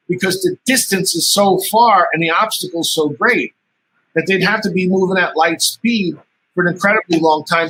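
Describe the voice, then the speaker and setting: A man's voice: high-pitched, slight background noise, low-quality recording. A man, a martial artist telling stories in a casual interview, laughing often and acting out what others said. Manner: animated storyteller, laughs often, acts out quoted dialogue.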